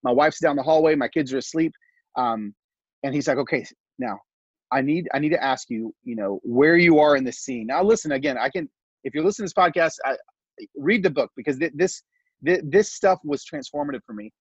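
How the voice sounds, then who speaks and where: Husky man telling a heartfelt story. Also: fairly high pitch, fairly quick, dry recording, muffled recording. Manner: animated, heartfelt storytelling full of fillers. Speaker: podcast guest. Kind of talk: casual conversational storytelling.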